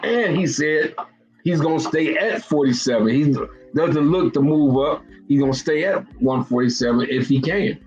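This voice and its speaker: A man's voice: on the high side, darkish tone, soft background music. Guy hosting a chill talk stream, stops and repeats himself a lot, kinda muffled audio. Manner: halting, repeats himself, thinks aloud. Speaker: host of a boxing talk show. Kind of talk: casual live-stream talk.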